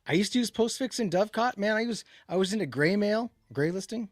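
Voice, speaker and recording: A man's voice: high voice, lively intonation, a little fast, no echo, clean studio sound. A man co-hosting a casual livestream tech chat, rambling and correcting himself as he reads viewer comments. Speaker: podcast co-host.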